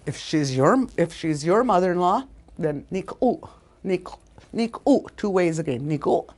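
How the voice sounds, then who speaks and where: Slow, patient woman teaching language. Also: lowish voice, lively intonation, darkish tone. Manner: slow, repeats each word several times, corrects herself. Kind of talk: recorded language lesson.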